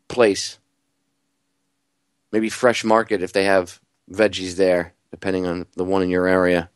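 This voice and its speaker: Animated sarcastic male radio host. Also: mid-range voice, dry recording, clean studio sound. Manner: animated, sarcastic, rhetorical questions. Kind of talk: conspiracy talk radio monologue.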